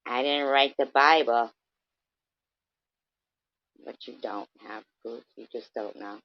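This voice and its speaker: A woman's voice: rumbling low, takes it slowly, no echo, dull audio. Angry, profane woman ranting on a livestream. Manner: confrontational, profane, mocking. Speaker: vlogger.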